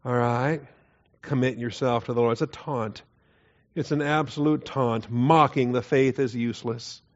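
A man teaching through Bible verses in an earnest, emphatic way, often dropping his voice low to stress a point. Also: steady tone, normal speed. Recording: dull lo-fi recording.

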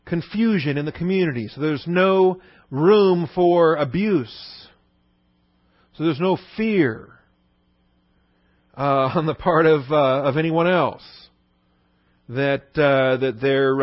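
A man's voice: a little high, unhurried, dry recording, muffled recording. A male pastor preaching an expository sermon, stressing points with repetition and rhetorical questions. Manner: emphatic, rhetorical questions, repeats key points.

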